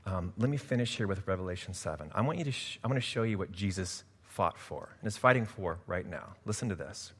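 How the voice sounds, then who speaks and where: A middle-aged male pastor with a fairly low voice preaches a sermon. He drops into soft, confiding asides, then climbs into loud, driving emphasis on key lines, with a self-deprecating laugh here and there. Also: expressive, brisk, few pauses, breathy edge.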